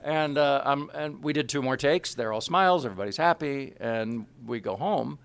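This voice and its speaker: Gravelly older man telling stories. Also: medium pitch, normal speed. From Kansas City, USA. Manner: animated, acts out quotes, laughs. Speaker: voice actor, interview guest. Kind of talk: anecdotal storytelling.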